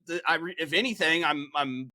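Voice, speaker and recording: A man's voice: fairly high pitch, brisk, bright, forceful tone, no room sound. A man hosting a podcast in casual, rambling chat, swearing freely. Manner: rambling, heavily profane. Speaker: podcast host and game streamer.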